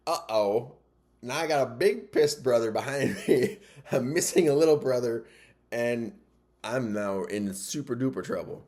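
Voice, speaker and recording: Middle-aged man chuckling through a story. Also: fairly low pitch. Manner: chuckles often while telling, lively retelling. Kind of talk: casual personal storytelling.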